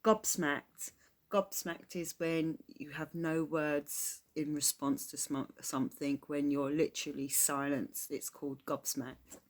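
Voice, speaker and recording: Low-voiced English woman explaining slang. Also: level tone. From England. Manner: chatty, explains slang with quick laughs. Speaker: reaction video host. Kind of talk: casual reaction commentary.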